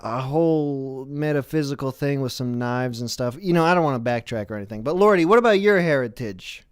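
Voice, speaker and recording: A man's voice: medium pitch, brisk, clear, resonant tone, no room sound, clean studio sound. A man hosting a casual online chat with friends, teasing and playful, sometimes exasperated. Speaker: host.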